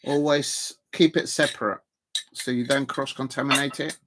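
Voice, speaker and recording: A man's voice: mid-range voice, steady tone, moderate pace, noisy background. Rambling man chatting during a football stream. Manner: rambling, many fillers and restarts; chats to viewers while eating. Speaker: football watch-along streamer. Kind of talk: casual live-stream chat.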